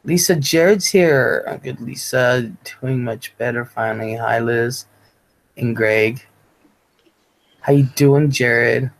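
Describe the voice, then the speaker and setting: A woman's voice: extremely low pitch, takes it slowly, vocal fry. A woman in her forties from Ohio hosting a casual livestream, chatting and reading viewer comments aloud. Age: 40s. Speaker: livestream host. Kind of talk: casual chat, reading out live chat.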